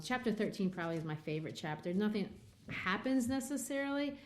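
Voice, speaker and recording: A woman hosting a literature podcast, retelling and analyzing a novel with lively, filler-laden speech. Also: fairly low pitch. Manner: animated retelling with many fillers. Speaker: podcast host.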